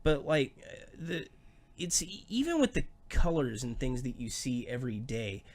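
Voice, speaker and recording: A man hosting a podcast in casual chat, cracking dark deadpan jokes. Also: mid-range voice, normal speed. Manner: joking, dark deadpan humor. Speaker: podcast host.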